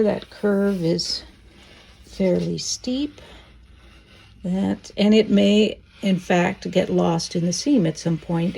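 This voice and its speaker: A woman teaching quilting in a relaxed, chatty way, thinking aloud as she sews. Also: fairly low pitch, creaky, slightly rough. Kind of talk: casual sewing tutorial.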